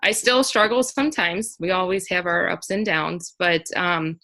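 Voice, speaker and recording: A woman sharing a personal story on a group call, hesitant and soft-spoken, with many fillers. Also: on the low side. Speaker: caller sharing a testimony.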